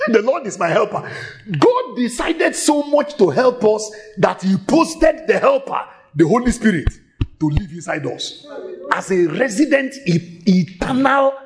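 A man preaching a sermon in a church, emphatic and shouting at times, repeating phrases rhythmically and laughing between lines. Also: high voice. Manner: shouting, emphatic, with sudden exclamations.

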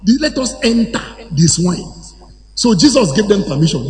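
Animated preacher man in a reverberant hall. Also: extremely high pitch, normal speed, faint music behind. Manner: animated, sometimes shouting and chanting phrases. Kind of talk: sermon. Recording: hall reverb with faint ambience.

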